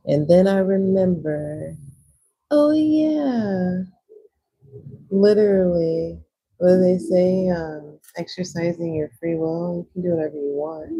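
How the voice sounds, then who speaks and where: A young woman hosting a livestream, chatting casually while swatching watercolors and answering viewers' comments, with animated jumps into high excitement. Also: slightly rough, poor audio. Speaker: livestream host.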